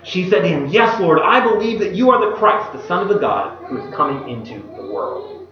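A male pastor delivers a sermon and reads scripture aloud, acting out quoted lines in a casual modern voice and going hushed at solemn moments. His voice is high, with a slight hiss or hum, and the recording sounds dull, with an echoey hall and a distant mic.

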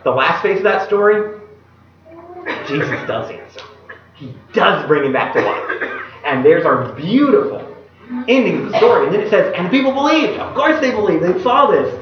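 A male pastor giving a sermon and reading scripture aloud. He acts out the quoted speech in a casual modern voice and drops to a hushed voice at solemn moments. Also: high voice, very animated, moderate pace, a little hiss or hum. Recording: echoey hall, distant mic, dull sound.

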